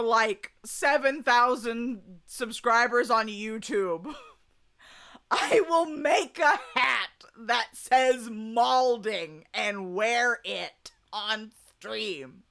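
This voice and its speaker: A young woman with a Southern US accent streams live and chats casually with her viewers, laughing a lot and swearing freely. Her voice is fairly high, bright and forceful.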